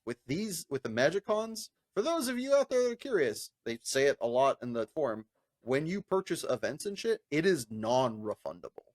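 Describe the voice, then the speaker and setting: Animated, profane male storyteller. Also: normal speed, no echo, studio quality. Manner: animated, profane, laughing, mimics people in high voices. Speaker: podcast co-host. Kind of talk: casual storytelling chat.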